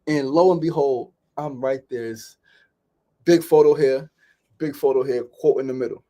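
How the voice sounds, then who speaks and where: A man hosting a show, telling a story in a casual, animated way and acting out other people's voices. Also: medium pitch, normal speed. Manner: animated, repeats "right?" and "like", acts out quoted voices. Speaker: podcast host.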